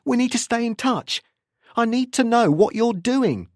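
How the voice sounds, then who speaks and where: A man voicing a frightened young man who shouts desperately down the phone in an audiobook. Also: sits high, measured pace, breathy edge, no room sound, studio quality, pitched above the performer's own voice. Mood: panicked.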